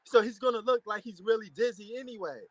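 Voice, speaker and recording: A man giving a casual, excitable reaction commentary to a boxing match, repeating himself and using slang. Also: high-pitched, fast talker, no echo, highs cut off. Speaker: fight reaction host.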